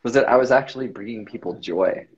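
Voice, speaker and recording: A man from the United States, a guest in an interview, telling a personal story in a reflective, halting way with many fillers. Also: medium pitch. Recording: dull lo-fi sound.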